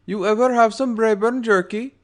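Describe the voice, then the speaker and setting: A man's voice: sits high, steady tone, moderate pace, voice pushed up, lightly acted. A man voicing a menacing, crude male pony gangster in a fan audiobook, taunting and swaggering.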